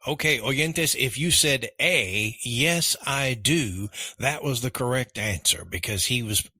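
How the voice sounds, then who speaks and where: A man co-hosting an English lesson podcast, calmly walking listeners through grammar examples. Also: mid-range voice, husky, no echo. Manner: calm, measured grammar explanations. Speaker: podcast co-host and English teacher.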